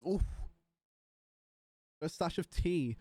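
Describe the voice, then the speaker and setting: A man's voice: a little high, expressive, extremely slow, mellow, no room sound, clean studio sound. A young British man chatting casually and a bit scatterbrained to his live-stream chat. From Britain.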